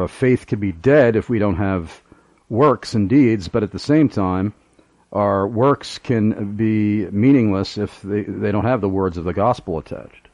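A man's voice: lowish voice, darkish tone, no room sound. A man from New York hosting a radio call-in show, reading listener questions aloud and stumbling over repeated words.

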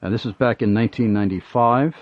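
A man's voice: fairly low pitch, fast, dry recording, highs cut off. A middle-aged man hosting a Christian radio talk show, speaking earnestly with many fillers.

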